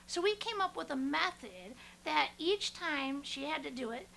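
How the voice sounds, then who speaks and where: Animated high-voiced woman podcast host. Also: normal speed, vocal fry, slight background noise. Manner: animated, excitable storyteller. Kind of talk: storytelling podcast monologue.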